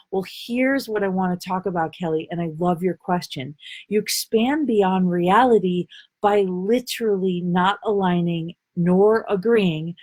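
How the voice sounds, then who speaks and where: A woman's voice: medium pitch, darkish tone. A woman coach chats on a live stream, answering comments as they come in. Her delivery is playful and bubbly, and she laughs often. She rambles loosely and leans on fillers as she talks. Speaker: intuitive life coach.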